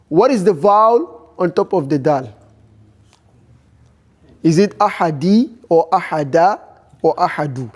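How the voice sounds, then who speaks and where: A man teaching a beginners' class, talking slowly and firing repeated questions at his students. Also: on the high side, lively intonation, a little mellow. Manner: slow, repetitive, questioning students. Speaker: Arabic teacher.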